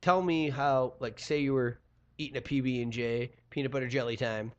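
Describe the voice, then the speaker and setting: A man's voice: mid-range voice, fairly even intonation, a little fast, highs cut off. A man co-hosting a casual podcast, cracking crude jokes and cutting into the conversation with wisecracks. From New York State. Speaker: podcast co-host. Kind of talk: casual chat, joking banter.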